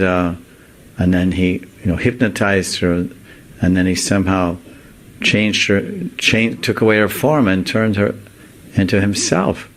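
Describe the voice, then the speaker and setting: A man's voice: sits low, a bit bright. A man voicing a suspicious young female cowherd who speculates in a conspiratorial way.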